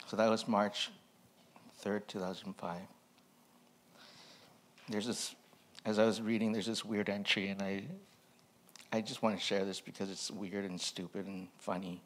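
A man's voice: on the low side, level tone, unhurried, long pauses, fairly bright tone. Candid, self-mocking male pastor. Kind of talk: personal sermon reading from an old journal.

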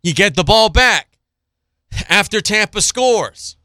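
Guy hosting sports radio, ranting and sarcastic, bright clear voice. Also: high-pitched, lively intonation, slow pace, no echo, studio quality. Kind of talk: opinionated sports talk monologue.

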